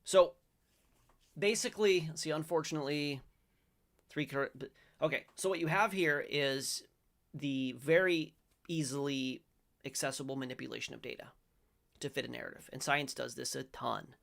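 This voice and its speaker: A middle-aged host reads aloud and reacts in a casual faith-based commentary, at a moderate pace with frequent pauses. His voice is deeply gravelly with heavy fry, and his rambling, self-correcting delivery breaks into loud, emphatic bursts.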